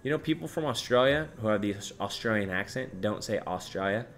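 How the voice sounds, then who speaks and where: A man's voice: on the low side, a little fast. A young man in his twenties streaming live, casually reading viewer comments aloud and swearing now and then. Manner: swearing, animated, shouts out chat names and places.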